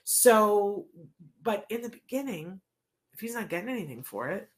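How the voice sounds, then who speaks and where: A woman's voice: mid-range voice, sing-song, moderate pace. A woman explaining a teaching method in a casual, chatty way, often checking in with "right?".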